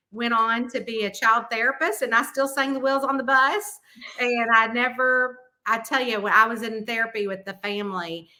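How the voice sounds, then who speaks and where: A middle-aged woman with a Southern American accent, chatting lively as a guest author and laughing often. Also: on the high side. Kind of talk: casual chat.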